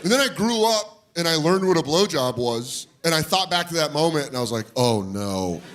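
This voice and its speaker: Captured live at a comedy club amid audience noise and laughter, a man with a fairly high voice speaks a little fast as he tells a stand-up story. He animatedly plays the people in it, doing their voices.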